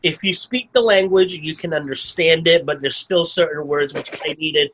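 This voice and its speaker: A man's voice: fairly high pitch, normal speed, fairly bright tone, rough recording. A man co-hosting a podcast, recapping a film in casual chat, rambling with lots of "like" and restarts. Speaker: podcast co-host. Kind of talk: casual movie review chat.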